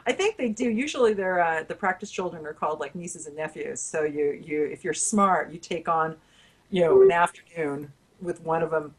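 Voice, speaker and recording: A woman's voice: low-pitched, animated, normal speed, breathy edge. A woman co-hosting a podcast in casual chat, with playful banter and frequent laughter. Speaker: podcast co-host.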